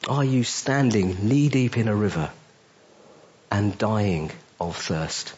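A man's voice: animated, slow, darkish tone. Man preaching a sermon, dull lo-fi audio. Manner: emphatic preaching, rising on questions and dropping low on key phrases. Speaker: pastor. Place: church.

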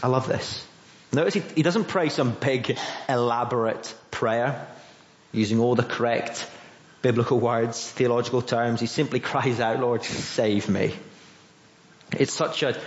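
A man with a British accent preaching a sermon in a church, earnest and conversational, often asking his listeners questions. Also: medium pitch. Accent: British English. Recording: roomy, dull church audio.

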